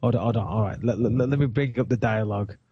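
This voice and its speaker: A man's voice: lowish voice, quick pace, muffled recording, slight background noise. A man with an English accent, co-hosting a podcast in casual, joking banter. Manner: joking, teasing, easygoing. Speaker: podcast co-host.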